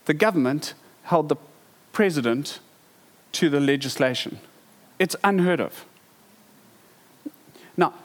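Pastor preaching, fairly high voice, lots of hall reverb, punchy and animated. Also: male voice. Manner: emphatic, animated preaching with rhetorical questions. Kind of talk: sermon.

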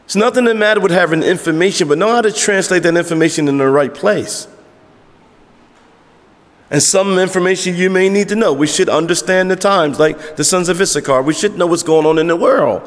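A man with a notably high voice delivers a sermon as pastor in a church sanctuary, his words ringing with long reverb. He preaches emphatically but conversationally, throwing rhetorical questions to the congregation. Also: brisk.

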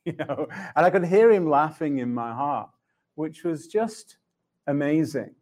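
Sharing his testimony conversationally, this middle-aged Christian speaker has a voice on the high side with a darkish tone and a moderate pace. He laughs frequently and reflects as he performs his conversations with God.

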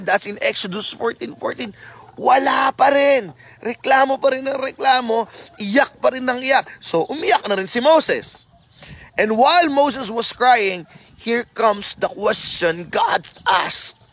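A Filipino-accented man delivering a sermon in a strikingly high voice. He moves between English and Tagalog, drawing out key lines slowly for emphasis. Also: fairly bright tone. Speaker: preacher.

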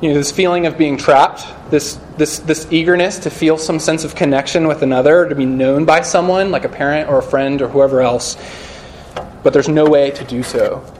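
A man's voice: fairly high pitch, fairly even intonation, moderate pace, a little mellow, a little hiss or hum. A young man giving a casual sermon-style talk to a live audience of students, chatty and joking, full of "like" and "you know". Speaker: speaker at a campus student gathering.

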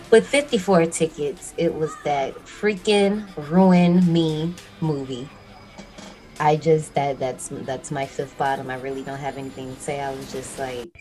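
A woman's voice: low-pitched, fairly even intonation, unhurried, darkish tone, slight background noise, rough recording. A young woman co-hosting a podcast, chatting casually, laughing often and saying y'all. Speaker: podcast co-host. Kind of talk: casual chat.

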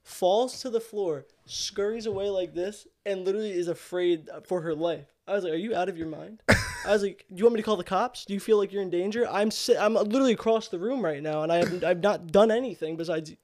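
A man in his twenties, a podcast co-host telling a story in heated, profane, animated casual chat. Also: sits high, brisk, hardly any pauses, no room sound, studio quality. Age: 20s.

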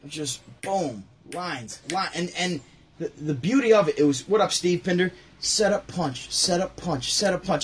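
A man with a high-sitting, slightly rough voice hosts his own show, chatting unhurriedly and ramblingly about his favorite comedians with frequent restarts and asides. He records on a home setup near a window.

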